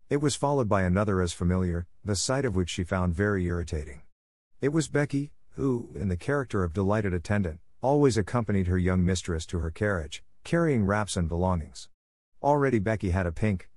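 A man reading a classic children's story aloud as a narrator, in a measured, even way. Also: fairly low pitch, no room sound, studio quality. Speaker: audiobook narrator.

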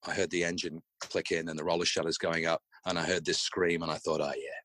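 A middle-aged Australian man telling a comic anecdote, halting and restarting his words often. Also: low-pitched, level tone, bright, forceful tone, no room sound. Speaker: guest storyteller.

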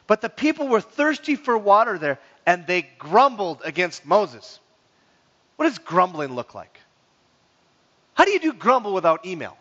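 A man's voice: high voice, moderate pace. A man preaching a sermon as pastor, joking and acting out the people's grumbling. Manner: lively, joking, acts out grumbling voices. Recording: dull sound in a reverberant hall.

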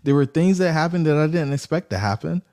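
Male guest, storyteller, warm low tone, acts out dialogue. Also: fast. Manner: animated storyteller acting out quoted dialogue. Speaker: real estate investor guest. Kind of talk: storytelling in a podcast interview.

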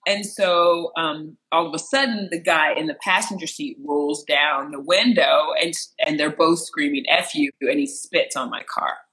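Entertainment interviewer from rural Missouri, animated storyteller, bright and forceful delivery. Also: moderate pace, hardly any pauses, low-quality recording. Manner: animated, acts out quotes with sharp jumps in pitch. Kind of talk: personal storytelling.

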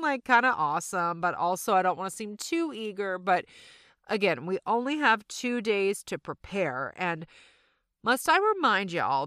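A woman's voice: fairly low pitch, sharp tone, smooth, no room sound, clean studio sound. A middle-aged woman with a Southern accent, hosting a storytelling podcast in a chatty, self-deprecating way. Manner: chatty, self-deprecating, addresses listeners as y'all. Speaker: podcast host.

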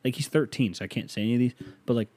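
A man's voice: medium pitch, rapid-fire, warm tone, no echo. A man hosting a podcast, telling a funny story in a rambling, self-mocking way with sudden angry rants. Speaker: podcast host. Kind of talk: casual comedic storytelling. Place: bedroom with a fan running.

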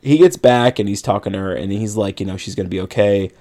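A man with a fairly low voice recaps a film for a podcast co-host. He rambles casually and leans on filler words. He keeps it loose and conversational. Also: quick pace, mellow. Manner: rambling retelling with many likes and you-knows.

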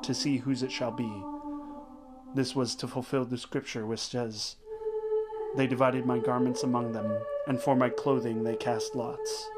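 A man leading the rosary, reading scripture and prayers in a measured, solemn way, phrase by phrase. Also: medium pitch. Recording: voice over clear background music. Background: sacred choral music.

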